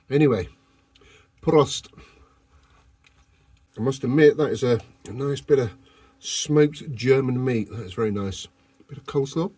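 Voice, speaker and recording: A man films a casual camping vlog inside his van. He speaks to a phone camera in a cheeky, teasing way. His voice sits at an ordinary middle pitch. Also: unhurried, long pauses, mellow, slightly rough. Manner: cheeky, jokey, talks to camera. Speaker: vlogger.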